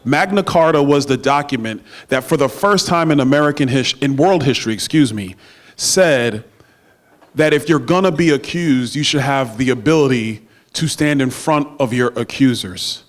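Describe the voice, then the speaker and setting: A man's voice: medium pitch, moderate pace. A middle-aged man giving a campaign stump speech at a dinner, with emphatic oratory and playful banter with the crowd. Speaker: political speaker at a party dinner. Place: banquet room. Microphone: handheld microphone.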